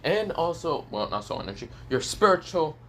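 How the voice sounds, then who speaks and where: A man's voice: fairly high pitch, sing-song, normal speed, a bit bright, slight background noise, pitched above the performer's own voice. A man voicing a blunt, bossy male dragon spirit who swears and restarts his sentences, in a fan story reading. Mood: scolding.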